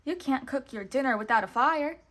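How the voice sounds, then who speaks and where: A woman's voice: sits high, moderate pace. A woman voicing an eager, cheerful young peasant boy mouse in a storybook. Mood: hopeful. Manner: eager, shouting.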